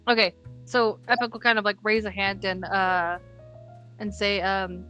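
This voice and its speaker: A woman's voice: mid-range voice, flat delivery, normal speed, bright, forceful tone, smooth, faint music behind. A woman playing in a tabletop game, talking casually and playfully. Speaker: player.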